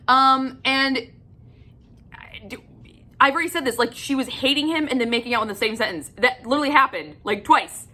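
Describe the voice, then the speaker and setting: Bright-voiced woman ranting about a book. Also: a little high, lively intonation, normal speed. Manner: blunt and profane, exasperated rants. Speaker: book reviewer. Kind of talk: casual book review vlog.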